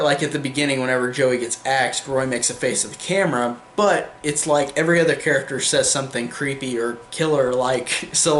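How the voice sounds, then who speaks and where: A man's voice: medium pitch, a bit bright, roomy sound, slight background noise. A young man reviewing films in a casual monologue, enthusiastic and rambling with lots of fillers. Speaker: film reviewer.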